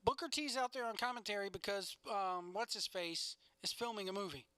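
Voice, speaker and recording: Guy on a podcast going off, cussing a lot, bright sharp voice, dry close sound. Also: high voice, fairly quick, clear, resonant tone, no room sound. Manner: blunt, profane, opinionated rants. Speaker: podcast co-host. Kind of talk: casual wrestling chat.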